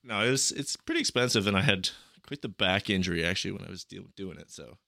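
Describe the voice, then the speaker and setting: A young man chatting casually as a podcast guest, telling travel stories in an animated, profane way. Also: deep voice, fast talker, vocal fry, dry recording, clean studio sound. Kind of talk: casual chat.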